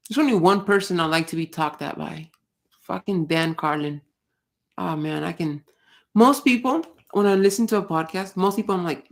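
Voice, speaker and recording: Speaking at normal speed in a voice on the low side, a livestream host chats casually in a ranting way. She's blunt, swears often, and rambles with restarts.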